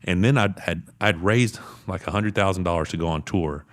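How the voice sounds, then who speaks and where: A man, telling animated stories as a podcast guest. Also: sits low, no echo, studio quality. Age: 40s. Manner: fast animated storytelling. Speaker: podcast guest, arm wrestler. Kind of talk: casual interview storytelling.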